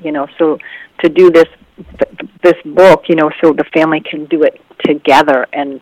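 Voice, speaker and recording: Earnest woman with a gravelly, dry voice. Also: low voice, dry recording, poor audio. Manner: heartfelt, rambling, many fillers, soft laughs. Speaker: guest author. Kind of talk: earnest interview answers.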